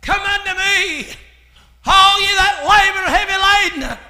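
Preacher man in his sixties, hollering slow and high, echoey church with folks behind. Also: sharp tone. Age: 60s. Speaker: pastor. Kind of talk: sermon.

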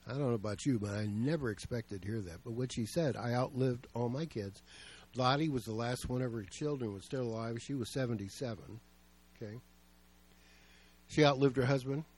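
A man's voice: mid-range voice, normal speed, darkish tone. A male pastor preaching a sermon, telling stories in a plain, conversational way.

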